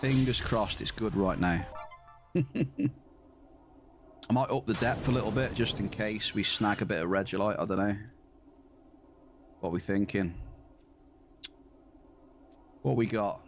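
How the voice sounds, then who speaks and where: A man on a gaming live stream chats casually and addresses his chat directly, his voice on the low side. He talks a little slowly with long pauses, over a noisy background.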